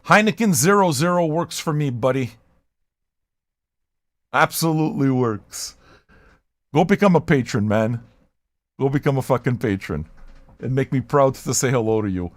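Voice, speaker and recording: A man hosting a record-listening livestream who talks in a loud, shouty, abrasive rant and swears freely. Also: mid-range voice, normal speed, long pauses, no room sound, clean studio sound. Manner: profane, excitable. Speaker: host of a record-listening show. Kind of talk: loud ranting livestream chat.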